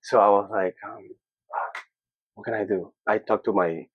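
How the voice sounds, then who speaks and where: Young man from Peru, podcast guest, lively storyteller who mimics others, dry dull recording. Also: on the low side, moderate pace, no room sound. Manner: animated, acts out quoted voices. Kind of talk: casual storytelling.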